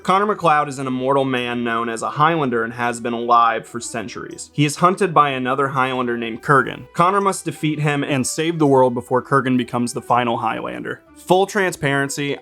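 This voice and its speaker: A man's voice: mid-range voice, fairly bright tone. A man giving a casual movie review in a vlog, wry and joking, with some swearing.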